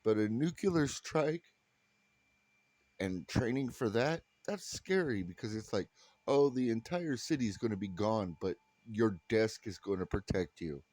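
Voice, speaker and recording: A man's voice: fairly low pitch, expressive, measured pace, darkish tone, dry recording. A middle-aged American man doing a stand-up comedy set, ranting profanely and in exasperation, stumbling over restarts and acting out voices he quotes. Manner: acts out quoted voices mid-rant.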